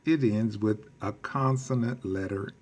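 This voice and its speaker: A man teaching a recorded lesson, speaking slowly, quizzing his class and repeating key phrases for emphasis. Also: on the low side, darkish tone, a little hiss or hum. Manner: slow and deliberate, quizzing the class. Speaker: Spanish teacher.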